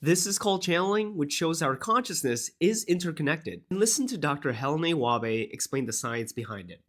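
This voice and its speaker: Lively documentary narrator man. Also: on the high side, a little fast. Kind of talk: scripted narration.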